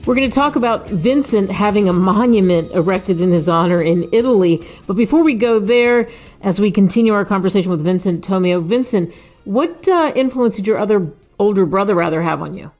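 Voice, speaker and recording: A woman's voice: mid-range voice, animated, brisk, a little mellow, faint music behind. A woman hosting a radio interview, asking questions eagerly with a few fillers. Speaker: radio show host.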